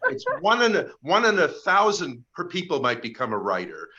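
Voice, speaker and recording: A man from the audience on a video call, commenting and asking questions in a halting way, often repeating words. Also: on the high side, wildly swooping pitch, sharp tone, lo-fi sound. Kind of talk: casual discussion on a video call.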